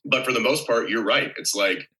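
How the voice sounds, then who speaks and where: A man's voice: medium pitch, normal speed, sharp tone, poor audio. A man, an actor as interview guest, explaining things in long rambling stretches with wry humor. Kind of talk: casual chat.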